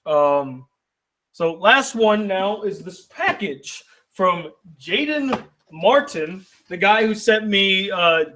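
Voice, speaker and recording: A man's voice: sits high, bright, forceful tone. A man hosting a casual vlog, reading fan mail aloud and chuckling often, at times getting emotional. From United States. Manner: laughs often, chuckling through his reading; emotional, says he is tearing up.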